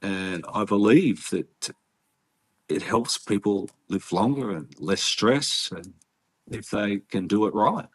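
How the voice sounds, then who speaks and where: An Australian man talks through his story in a casual interview. His voice sits a little low, and he speaks earnestly, often breaking off and starting over. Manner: earnest, halting storytelling with frequent restarts. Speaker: interview guest.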